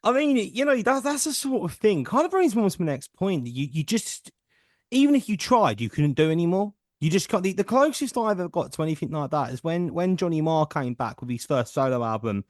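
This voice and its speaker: A man's voice: high voice, very animated, fairly quick, no echo, studio quality. A man from hosting a casual podcast chat, enthusiastic as he reacts and shares his own fan story. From England. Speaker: podcast host.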